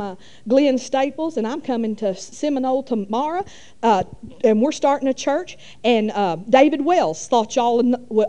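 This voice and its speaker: A woman's voice: fairly high pitch, warm tone. A middle-aged woman, telling a rambling, folksy church testimony full of fillers. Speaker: church speaker. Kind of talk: testimony storytelling.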